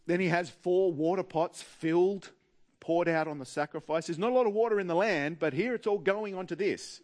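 A man with an Australian accent preaching a sermon in a wry, humorous way, with dramatic pauses. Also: high-pitched, a little mellow.

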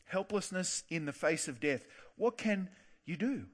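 A man with a fairly high voice preaching a sermon in an earnest tone. He slows right down on the words he wants to stress. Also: lively intonation.

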